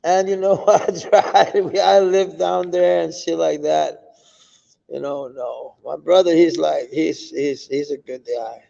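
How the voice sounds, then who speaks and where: A man with a Danish accent drawls slowly in a heavily gravelly, fry-laden voice that sits a little high. He rambles through a casual live-stream chat, swearing freely and restarting his sentences. The audio is dull and lo-fi. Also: steady tone, dark tone. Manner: meandering, profane, many restarts.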